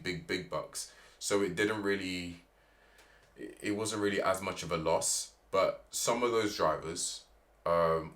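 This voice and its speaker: A man giving animated, opinionated motorsport commentary, with emphatic rhetorical questions. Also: fairly low pitch.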